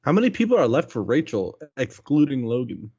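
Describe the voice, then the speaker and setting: A man's voice: mid-range voice, sing-song, a little fast, darkish tone, husky, no echo. A young man co-hosting a podcast, telling funny moments with a chuckle and lots of slang. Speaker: podcast co-host. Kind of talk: casual chat. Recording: dull lo-fi dry recording.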